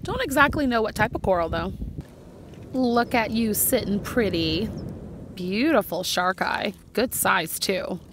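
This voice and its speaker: A woman vlogger narrating her beach walk, gently admiring each shell she picks up. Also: medium pitch, animated, measured pace, a little hiss or hum. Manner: gentle, admiring commentary on finds.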